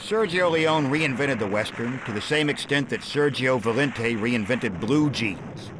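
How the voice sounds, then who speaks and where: A man narrating a satirical film history in a sardonic, deadpan way. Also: mid-range voice, measured pace, noisy background. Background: film score music.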